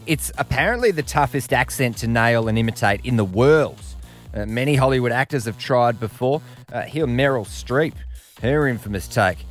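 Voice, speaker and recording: A man hosts a radio show and chats in a loose, jokey way. His pitch sits in an ordinary middle range. A faint bed of music plays behind him. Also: animated, normal speed. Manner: jokey, chatty, puts on voices. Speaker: radio host. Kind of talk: casual radio talk.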